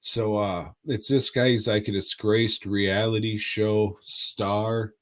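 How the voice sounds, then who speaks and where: A man's voice: fairly low pitch, fairly even intonation, slow pace. A man co-hosting a podcast, chatting casually and profanely about movies in a laid-back, rambling way. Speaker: podcast co-host. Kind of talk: casual movie review chat.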